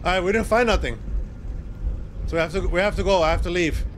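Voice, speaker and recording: Man, game streamer, high lively voice, excitable, yelps, faint hiss behind. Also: quick pace. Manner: excitable, yelps and shouts in panic. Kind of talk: live gameplay commentary.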